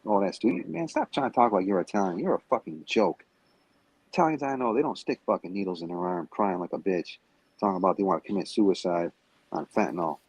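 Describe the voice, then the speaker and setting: A man's voice: low-pitched, a little fast, darkish tone, husky, dry recording, rough recording. A man in a heated livestream rant, taunting and cursing at a rival, calling in remotely. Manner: profane, confrontational, taunting. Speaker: stream guest. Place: Las Vegas.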